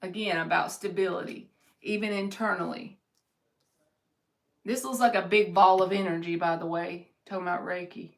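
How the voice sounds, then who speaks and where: A woman's voice: lowish voice, fairly even intonation, normal speed, creaky. A woman giving a live-streamed tarot reading, reading viewers' comments aloud and answering them in an upbeat, encouraging way. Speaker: tarot reader.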